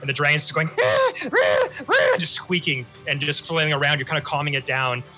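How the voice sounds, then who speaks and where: A man running a tabletop game as dungeon master, narrating scenes slowly and drawn out. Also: a little high, fairly even intonation, dull audio, soft background music.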